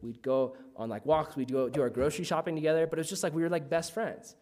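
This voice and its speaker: A man's voice: on the high side, steady tone, fast, a little mellow. A man telling a personal faith story in a casual way, full of "like" fillers.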